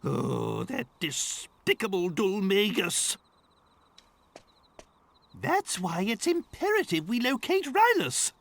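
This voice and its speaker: A man's voice: high voice, big pitch swings, takes it slowly, vocal fry, fairly bright tone, exaggerated voice. An actor playing a fussy old king under a curse, speaking in a theatrical, exclamatory game voice. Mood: determined. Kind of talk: game voice acting.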